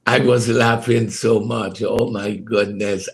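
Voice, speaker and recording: Male ministry host, unhurried delivery with a gravelly edge; chatty and hesitant, addresses listeners by name. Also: fairly low pitch, fairly even intonation, a little hiss or hum. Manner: hesitant, many fillers, greets listeners by name, laughs heartily. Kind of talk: casual devotional broadcast chat. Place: home studio room.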